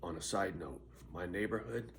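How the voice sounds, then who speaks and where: A man's voice: sits low, moderate pace, vocal fry, fairly bright tone, a little hiss or hum. An older man vlogging, cursing constantly in a riled-up, confrontational rant. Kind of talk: angry ranting vlog.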